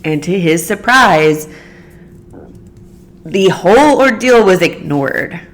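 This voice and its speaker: Low-voiced woman rambling earnestly. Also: lively intonation, slow. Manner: earnest, rambling, many "like" fillers. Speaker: podcast host. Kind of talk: casual solo podcast monologue.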